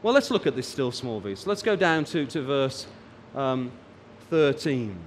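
A man's voice: mid-range voice, sing-song, unhurried, big-room sound, slight background noise. A man preaching a sermon, rising and falling for emphasis and drawing out the key words. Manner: rises and falls for emphasis, draws out key words.

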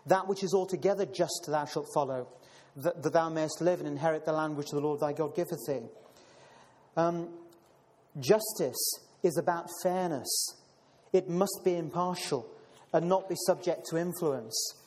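Guy preaching, bit high voice, lots of ums and restarts, long echo like a big hall. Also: normal speed, darkish tone. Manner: addresses listeners as brothers and sisters; frequent fillers and repeated words. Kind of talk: sermon with scripture reading.

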